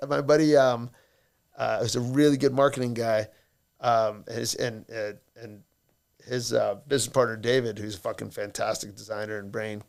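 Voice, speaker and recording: A man in his thirties sits in as a guest on a studio podcast. His speech rambles, is peppered with profanity and cracks jokes. His voice has a gravelly, fry-laden edge at a middling pitch. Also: little pitch movement, normal speed, darkish tone. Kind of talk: casual podcast chat.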